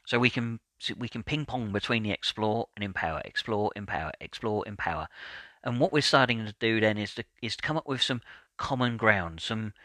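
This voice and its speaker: A man hosting a solo podcast, talking in a calm, measured and deliberate way, sometimes repeating words as he thinks. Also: medium pitch, no room sound. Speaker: podcast host.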